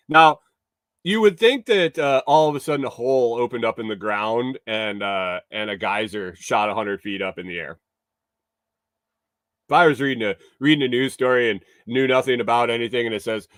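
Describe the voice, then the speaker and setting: Medium in pitch with lively intonation, this man's voice is fairly bright and moves at normal speed, with no room sound. As host of a morning livestream, he reads news items aloud and drifts into sarcastic, rambling commentary, swearing now and then.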